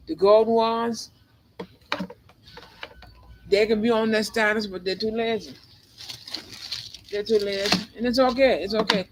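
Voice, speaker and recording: High-voiced man giving a rambling tarot reading. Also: low-quality recording. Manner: rambling, repeats phrases, emphatic. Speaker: tarot reader. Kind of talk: spiritual tarot reading monologue.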